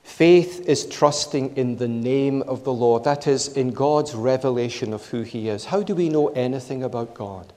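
A man preaching a sermon in a measured, emphatic way, repeating his key phrases. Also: medium pitch, mellow, big-room sound.

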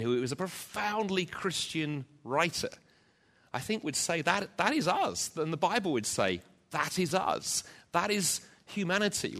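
Male pastor, sermon, lively rising and falling pitch, emphatic repetition. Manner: emphatic and animated, with rhetorical repetition. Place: church, also live-streamed.

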